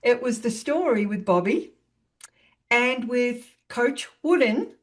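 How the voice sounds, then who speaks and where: A woman's voice: on the high side, expressive, slow pace. A woman hosting a podcast interview, agreeable and affirming, with a loose conversational manner and fillers. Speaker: podcast host.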